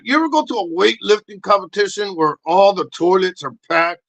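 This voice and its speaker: A man hosting a livestream, rambling through a crude comic rant, acting out little voices and bursting into shouts. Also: sits high, normal speed, highs cut off. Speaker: livestream host.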